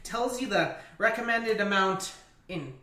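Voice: medium pitch, animated, measured pace, pushed and bright, reverberant, recorded from a distance. A speaker from Canada telling a story in casual chat, laughing through lines.

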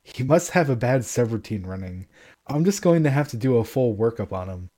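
A man reading the lines of a young woman engineer who talks in quick, excited gushes. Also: mid-range voice, lightly acted. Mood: anxious. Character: young woman engineer, gushing then worried.

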